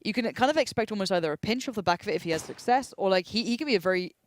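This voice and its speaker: Quick, high English man casting. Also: expressive. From England. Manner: chatty, quick analytical patter. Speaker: esports caster. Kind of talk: live match commentary.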